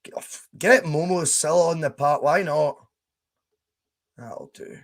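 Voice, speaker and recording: A man's voice: fairly high pitch, unhurried. A young Scottish man hosting a casual live stream, chatting, laughing and reading out viewer comments as he plays. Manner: chatty, laughs often, reads chat aloud. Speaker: podcast host streaming a game.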